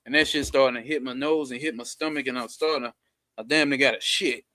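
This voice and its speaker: A man hosting a casual livestream from home into a close mic, using loose, slangy street talk and a lot of swearing. He greets viewers by name and gets excited fast. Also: no room sound. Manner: swearing, excitable, jumps up in pitch when hyped. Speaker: livestream host.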